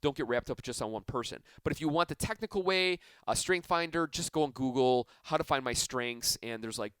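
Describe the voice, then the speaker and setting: Lively, energetic male podcast host. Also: fairly high pitch, fairly quick, clean tone, no echo. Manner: energetic, enthusiastic, conversational. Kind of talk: self-help podcast monologue.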